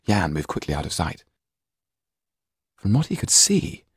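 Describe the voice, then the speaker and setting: A man's voice: sits low, gravelly, slightly rough, dry recording, clean studio sound. A man narrating a storybook audiobook expressively, shifting into voices for the characters.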